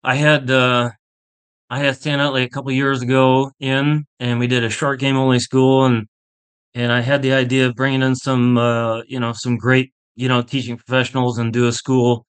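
His medium-pitched voice is smooth and level, at a moderate pace. This Pittsburgh golf instructor is a podcast guest in a casual interview chat, enthusiastic and rambling, often laughing as he shares stories.

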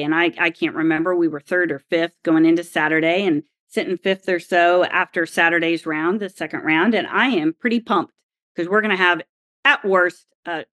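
A middle-aged woman from Oklahoma, a golf caddie guest telling a story in a lively, emphatic, exasperated way. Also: on the low side, no echo, clean studio sound. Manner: animated, emphatic, exasperated retelling. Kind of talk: casual storytelling.

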